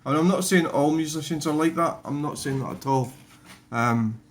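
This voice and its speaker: A man's voice: a little high, normal speed, a little hiss or hum. A man, a vlogger rambling wryly through casual commentary about his own channel. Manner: rambling, wry, digressive.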